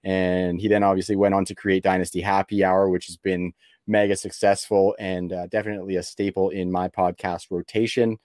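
A man's voice: low-pitched, little pitch movement, brisk, darkish tone, dry recording, studio quality. A man from Canada hosting a sports podcast, talking in a laid-back way with lots of fillers and easy laughs. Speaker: podcast host. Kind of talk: casual sports podcast chat.

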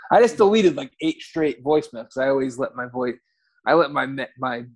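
A man's voice: mid-range voice, lively intonation, a little fast. A man in casual chat, laid-back and profane, griping about annoying phone calls.

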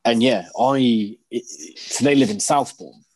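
Husky sweary man. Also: mid-range voice, lively intonation, unhurried, a little mellow. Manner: rambling, sweary, many restarts. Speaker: podcast co-host. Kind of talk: casual chat.

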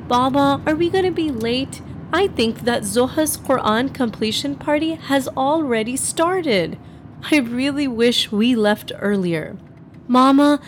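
A woman's voice: fairly high pitch, a little hiss or hum, pitched above the performer's own voice. A woman voicing an eager, impatient young girl in a children's story, fretful and a little whiny. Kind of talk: storybook character voice.

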